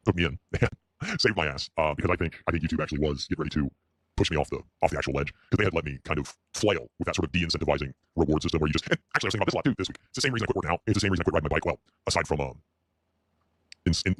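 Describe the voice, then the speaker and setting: A man chatting on a livestream in a rambling, halting way, stammering and repeating his words. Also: a bass voice, fairly bright tone, no echo, studio quality. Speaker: streamer.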